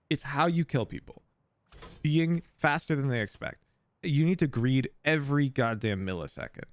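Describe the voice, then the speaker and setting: A man's voice: on the high side, measured pace, pauses often. A man coaching a player through a gameplay review, emphatic and blunt, repeating his key points. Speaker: game coach.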